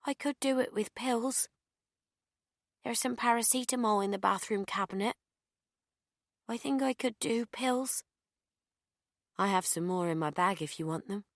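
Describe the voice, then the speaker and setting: A woman voicing a despairing young woman, reading her lines higher and pleading in an audiobook. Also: a little slow, pauses often, dry recording, studio quality, lightly acted.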